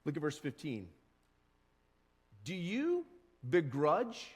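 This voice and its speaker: A man preaching a sermon as pastor, animated, acting out short voices and quotes. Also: fairly high pitch, slow pace, slightly rough, big-room sound. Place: church sanctuary.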